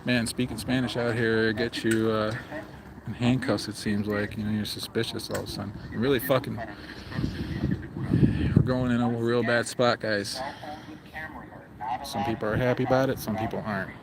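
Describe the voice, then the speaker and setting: A man's voice: fairly low pitch, flat delivery, moderate pace, creaky, pauses often, over a noisy crowd, rough recording. A man doing a casual livestream outdoors, talking in a blunt, profane, rambling way. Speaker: livestream vlogger. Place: outdoors in a public area.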